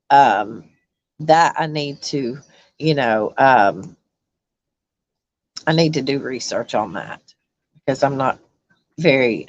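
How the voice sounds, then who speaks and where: A woman chatting on a livestream, halting with many ums and restarts as she reads viewer comments. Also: extremely low pitch, lo-fi sound. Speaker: YouTube livestream host. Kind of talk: casual livestream chat reading comments.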